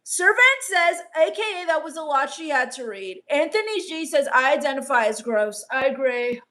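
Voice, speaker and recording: A woman hosting a comedy livestream, reading chat in a gloomy, deadpan gothic valley-girl drawl, dismissive and misanthropic. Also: sits high, normal speed.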